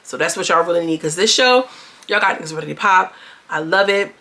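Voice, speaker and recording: A woman's voice: lowish voice, expressive, a little fast, sharp tone. A woman giving casual, slangy commentary on a reality show and talking straight to her viewers. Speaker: reality TV reviewer.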